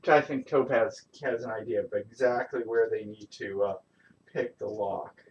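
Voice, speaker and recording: A man softly soothing and coaxing cats, often half-whispering, at home. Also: lowish voice, steady tone, normal speed, dull audio. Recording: noisy home stream audio.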